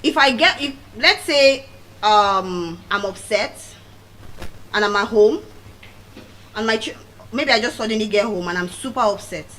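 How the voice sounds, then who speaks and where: A middle-aged woman with a Nigerian accent, giving a motivational speech as animated storytelling and repeating key phrases for emphasis. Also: medium pitch, unhurried, long pauses, rough recording. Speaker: motivational speaker. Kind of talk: public speech.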